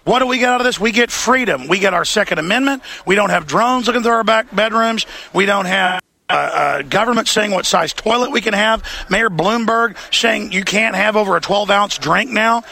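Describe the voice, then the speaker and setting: A man's voice: high voice, normal speed, creaky, sharp tone. A man hosting a talk show, ranting in an impassioned way. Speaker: host.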